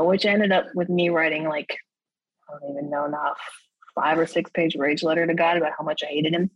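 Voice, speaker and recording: A woman with a fairly low voice tells her story as an interview guest, candid and earnest. She keeps checking in with the listener and laughs softly between thoughts. The sound is close and dry, with no room around it. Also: no echo, poor audio. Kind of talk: candid personal testimony in conversation.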